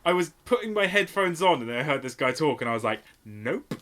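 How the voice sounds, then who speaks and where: A man's voice: on the high side, expressive, fast talker, a bit bright. A man co-hosting a podcast, chatting loosely and rambling, with lots of "like" and casual swearing. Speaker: podcast co-host. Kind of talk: casual chat.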